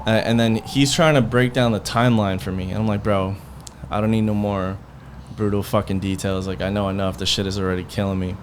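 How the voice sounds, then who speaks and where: This man's voice is lowish and steady, running a little fast with few pauses, and there's a faint hiss or hum on the recording. Hosting a podcast, he tells a heated, profane personal story in a loose, rambling way, packed with quoted exchanges.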